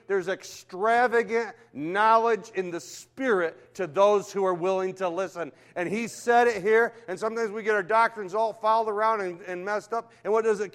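An older man preaching a sermon, telling stories in a lively way that swings from hushed to loud. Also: sits high, normal speed, few pauses. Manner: animated storytelling, swings between hushed and loud.

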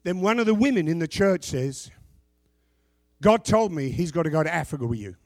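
A middle-aged male pastor preaching a sermon. He reads scripture loudly and drops into quiet asides. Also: a little fast, no room sound, clean studio sound. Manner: animated preaching, swings from shouted scripture to low asides.

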